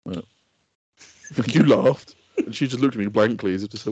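A man's voice: on the low side, moderate pace, a little mellow, husky, dry recording, lo-fi sound. A man co-hosting a podcast in casual chat, rambling and laughing often. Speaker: podcast co-host.

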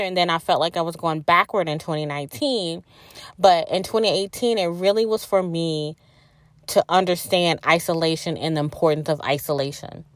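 A woman's voice: low-pitched, no echo. A tired woman hosting a podcast, talking casually and frankly about her spiritual journey, swearing freely and saying "like" a lot. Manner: frank and profane, storytelling with many "like"s. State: tired and drained. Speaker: podcast host.

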